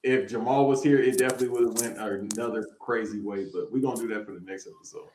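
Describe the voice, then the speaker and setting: A man co-hosting a casual podcast, teasing his friends in quick banter. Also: lowish voice, fairly even intonation, a little mellow. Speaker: podcast co-host. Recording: echoey noisy room.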